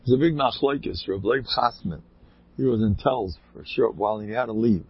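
A man with a rough, gravelly, husky voice tells long rambling anecdotes and breaks into emphatic bursts. The sound is dry and close. It is a dull, lo-fi recording. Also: medium pitch, a little fast. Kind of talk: casual spoken anecdotes.

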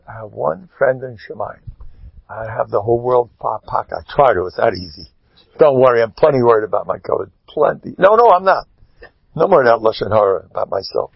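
A man speaking as a rabbi in an animated Torah talk, emphatic, swinging between loud exclamations and low asides. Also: gravelly, slightly rough, no room sound, lo-fi sound.

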